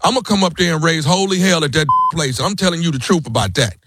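A man calling a salon and complaining loudly and repetitively. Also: a little high, fast talker, breathy edge, no room sound. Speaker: caller.

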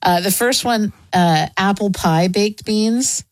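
A woman's voice: medium pitch, slow, no room sound. Brief: woman co-host, playful and jokey, casual studio chat, dry close sound. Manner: playful, jokey, reads product copy aloud. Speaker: podcast co-host.

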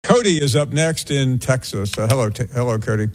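A man hosting a sports call-in radio show, answering callers in a measured way with many fillers. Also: mid-range voice, slight background noise. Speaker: host.

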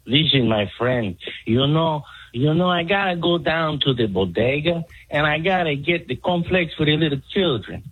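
A man's voice: sits high, big pitch swings, moderate pace, slightly rough, narrow, tinny audio, heavily acted. A man voicing a chatty, rambling fellow with a put-on Spanish accent and broken grammar. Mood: folksy.

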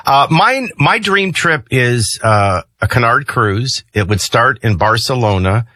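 Lively male radio talk host. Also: medium pitch, unhurried, no echo. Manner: lively, joking, conversational. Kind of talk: radio talk show chat. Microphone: studio microphone.

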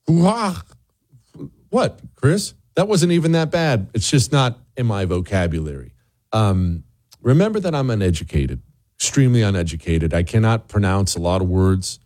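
A man hosts a talk radio show, delivering an opinionated monologue sarcastically. His voice is a little mellow but swoops in big pitch jumps, leaping high when he mocks something.

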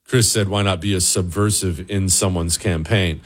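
A man's voice: low-pitched, fairly even intonation, normal speed. A man hosting a political talk show, delivering a sarcastic commentary monologue and answering viewer questions.

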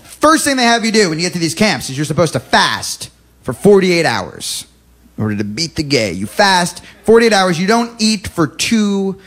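A man's voice: high voice, very animated, moderate pace, fairly bright tone. A man performing a stand-up comedy set on a club stage, sliding into mock-preachy impressions. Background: audience laughter.

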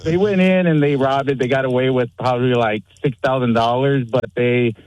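A man's voice: mid-range voice, steady tone, fairly quick, background noise. A man calling into a radio show, telling a story in an easygoing, matter-of-fact way. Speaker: caller. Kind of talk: phone-in storytelling.

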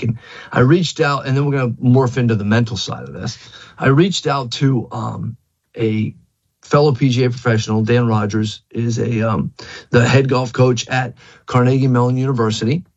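A man's voice: medium pitch, breathy edge. A man giving a casual golf lesson, rambling and repeating himself with many fillers. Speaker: golf instructor. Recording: dull lo-fi recording.

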